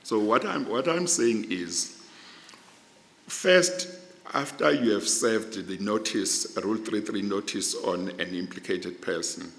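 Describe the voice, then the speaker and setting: Guy 60s, real low voice, slow and careful, big hall echo. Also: creaky, fairly bright tone. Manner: deliberate, careful, fond of restating points. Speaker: interviewee judge. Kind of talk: formal measured explanation. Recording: long reverb in a large hall.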